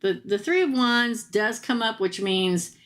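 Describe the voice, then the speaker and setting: A woman's voice: fairly high pitch, unhurried, fairly bright tone. A woman reading tarot cards on a live stream, chatting straight to her viewers in a casual, blunt way with slangy asides. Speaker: tarot reader.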